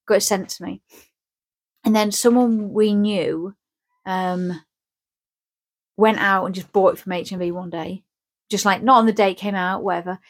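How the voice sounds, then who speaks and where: Woman co-host, chatty and rambling, average pitch. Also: steady tone, normal speed, pauses often. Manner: rambling, jokey, acts out scenes. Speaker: podcast co-host. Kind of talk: casual chat.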